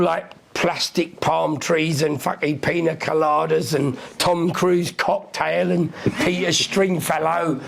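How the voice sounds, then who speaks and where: Speaking in a slightly high, creaky voice, this music figure in his sixties swaps stories as a live Q&A guest. He's brash, swears freely, and performs the lines of the people he quotes.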